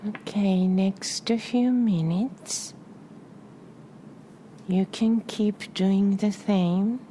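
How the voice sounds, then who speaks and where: Very slow, mellow woman guiding meditation. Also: medium pitch, steady tone, slight background noise. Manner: soft, often breathy whispered phrasing; repetitive, unhurried cues with long pauses. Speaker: meditation guide. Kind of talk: guided meditation. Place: live session in front of a small audience.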